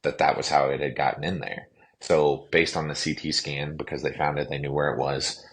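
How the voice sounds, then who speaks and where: A man, a clinician guest on a podcast, telling a personal story in a casual, animated way, with plenty of "like" and "you know". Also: extremely low pitch, a little fast.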